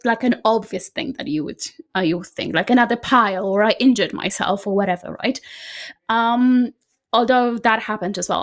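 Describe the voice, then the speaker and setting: Animated woman guest, bright higher voice. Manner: animated, frequently adds "right?". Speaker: decluttering coach guest. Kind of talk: conversational storytelling.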